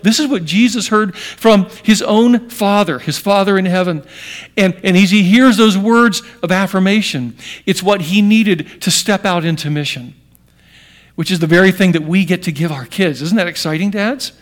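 A middle-aged man delivers a sermon in a slightly high voice. He pushes key lines out loudly, then drops to a quiet hush. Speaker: pastor.

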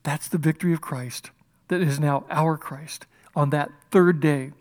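A male pastor preaching an impassioned sermon at a church service, swinging from loud declarations to hushed whispers. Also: fairly high pitch, steady tone, unhurried.

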